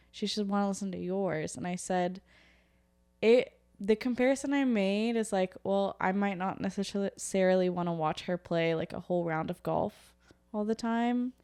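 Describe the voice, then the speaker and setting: A young adult woman co-hosting a podcast, telling a family story in relaxed, dryly teasing chat. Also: fairly low pitch, clear, resonant tone. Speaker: podcast co-host. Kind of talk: casual chat.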